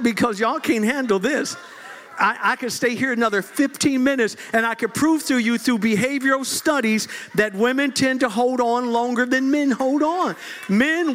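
Man, middle-aged, pastor preaching, playful and laughing, very high voice. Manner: lively, joking preacher with frequent laughs. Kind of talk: sermon.

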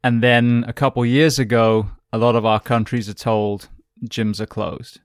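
A man's voice: mid-range voice, level tone, measured pace, no room sound, studio quality. A man hosting a podcast who asks long, wandering questions full of fillers. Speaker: podcast host. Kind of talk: interview question.

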